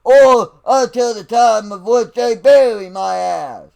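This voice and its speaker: A man from the United States shouting a profane political rant, lecturing in a drill-sergeant manner. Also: very high-pitched, creaky. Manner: slow, emphatic, lecturing. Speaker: vlogger.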